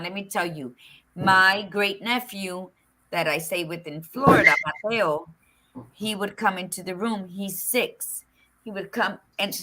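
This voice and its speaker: A middle-aged woman co-hosting a casual talk show, chatting in an expressive, frank and folksy way, with Spanish words mixed in. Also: fairly low pitch. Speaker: podcast co-host. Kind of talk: casual chat.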